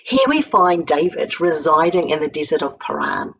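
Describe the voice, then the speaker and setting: A woman with a New Zealand accent giving a sermon as a guest speaker, retelling a Bible story in a lively way and acting out the quoted lines with a raised voice. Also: deep voice, normal speed, creaky, a little hiss or hum, poor audio. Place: home recording for an online church service.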